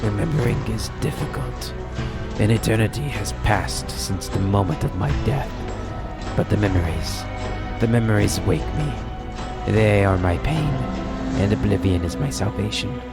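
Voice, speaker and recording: A hoarse male demon spirit trapped in a chain, reluctant and pained, as a man reads him out in a game. The voice is low, and music plays behind it. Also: expressive, moderate pace. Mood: weary.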